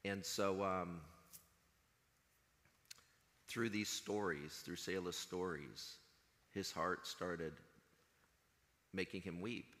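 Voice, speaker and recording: Male chaplain, low voice with a forceful edge, storytelling sermon, long hall reverb. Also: steady tone, slow pace, long pauses. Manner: earnest storytelling, quotes others in conversation. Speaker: school chaplain. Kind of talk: chapel talk to students. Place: school chapel.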